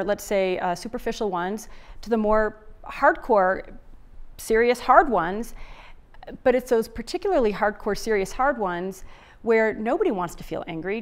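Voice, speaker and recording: Chatty woman giving a relationship talk. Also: medium pitch. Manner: chatty, many fillers and restarts. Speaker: relationship author and speaker. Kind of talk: summit talk, casual and conversational.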